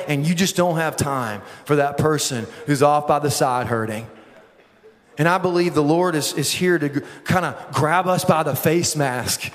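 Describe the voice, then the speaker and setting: A man's voice: on the high side, big-room sound. A pastor in a sermon who mixes his Bible teaching with funny personal stories. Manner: humorous storytelling preaching.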